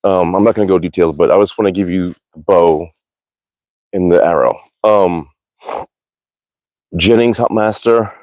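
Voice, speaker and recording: A man chatting casually to viewers of his live stream, his voice sitting somewhat low. He rambles, swears freely and keeps correcting himself. The sound is close and dry, with no room echo. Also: normal speed, long pauses, darkish tone, highs cut off. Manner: rambling, profane, self-correcting. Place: backyard outdoors.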